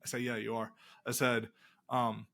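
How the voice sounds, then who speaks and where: Gravelly, bright-voiced man telling stories. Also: medium pitch, normal speed. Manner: animated retelling with quoted dialogue. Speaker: pastor and game designer, guest. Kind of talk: casual storytelling interview.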